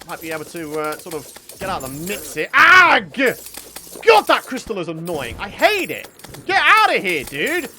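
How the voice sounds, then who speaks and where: A man hosting a gaming video, giving excitable let's-play commentary, talking to himself and breaking into loud outbursts and laughs. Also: high-pitched, normal speed, slight background noise.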